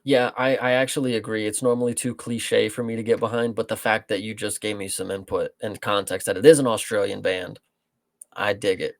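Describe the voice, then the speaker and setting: A man's voice: on the low side, fairly even intonation, brisk, dry recording, studio quality. A man co-hosting a casual show breaking down fights, rambling and swearing freely. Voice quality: gravelly, profane, rambling. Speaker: co-host.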